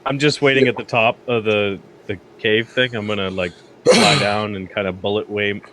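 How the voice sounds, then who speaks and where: Relaxed man explaining his game moves. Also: fairly low pitch, moderate pace. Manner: relaxed, explains plans at length. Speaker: player. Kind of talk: casual chat at a game table.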